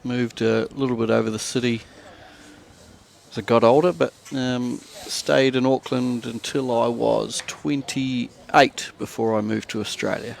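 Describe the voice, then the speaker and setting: Gravelly New Zealand man co-commentating. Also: medium pitch, fairly even intonation, unhurried. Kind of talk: live sports commentary.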